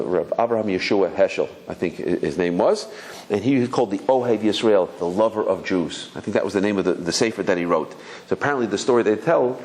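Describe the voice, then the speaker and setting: A man in his fifties, a rabbi giving a Torah talk, telling stories with lots of restarts and acting out the voices. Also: fairly low pitch. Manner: animated storyteller, acts out voices, many restarts.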